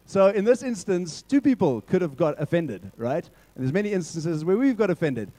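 A man giving a lively church talk to a youth group, telling jokes and acting out the characters in his stories. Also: high voice, moderate pace, dry recording, rough recording. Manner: animated joke-telling, acts out characters.

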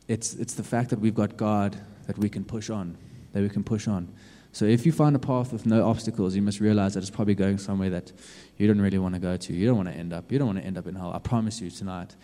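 Earnest preacher man in a reverberant hall. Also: fairly low pitch. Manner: earnest, repetitive urging with sudden loud and hushed swings. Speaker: youth preacher. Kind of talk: sermon.

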